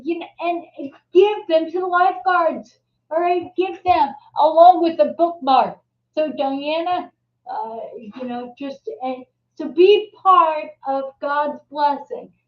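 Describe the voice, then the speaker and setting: High-voiced woman rambling on a livestream. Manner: heartfelt, rambling, faith-filled. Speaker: livestream host. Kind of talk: casual livestream chat. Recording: echoey, distant, dull webcam audio.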